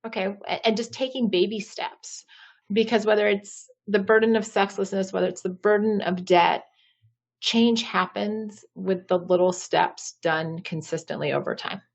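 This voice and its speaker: A marriage coach in her forties, appearing as a guest on a podcast, candidly tells personal stories in an interview, using many fillers like "you know." Her medium-pitched, creaky voice keeps a fairly even intonation at a normal speed.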